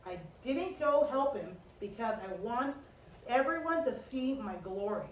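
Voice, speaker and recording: A woman voicing a calm, gentle grown man as a teacher, speaking slowly and solemnly in a storybook telling. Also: fairly high pitch, roomy sound, distant mic, a little hiss or hum, poor audio.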